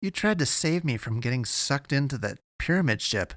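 A man's voice: mid-range voice, sing-song, normal speed, fairly bright tone, dry recording, voice pushed up. A man reading a story aloud, voicing a battered, shaken young man who stammers and speaks dryly. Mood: earnest. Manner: stammering and dry.

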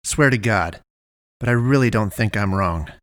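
A man's voice: on the low side, moderate pace, a bit bright, close to an everyday voice. A man voicing an angry, suspicious middle-aged father who growls his demands. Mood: demanding.

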